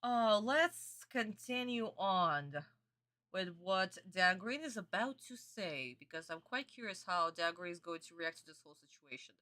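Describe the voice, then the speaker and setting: Brief: woman streamer, casual chatty reaction talk, bright crisp tone, middle pitch. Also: lively intonation, measured pace. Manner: chatty, calls viewers darling, amused.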